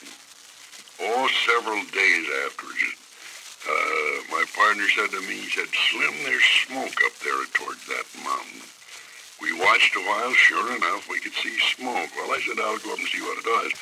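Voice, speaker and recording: A man's voice: deep voice, vocal fry, very noisy. An older man telling a rambling, folksy frontier yarn in plain country grammar. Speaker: storyteller. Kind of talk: oral history storytelling.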